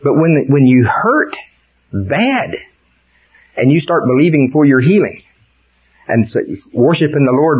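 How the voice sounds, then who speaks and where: A man's voice: on the high side, sing-song, measured pace, long pauses, husky. An older man preaching a sermon in a folksy storytelling way that rises into fervent preaching. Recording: dull lo-fi sound.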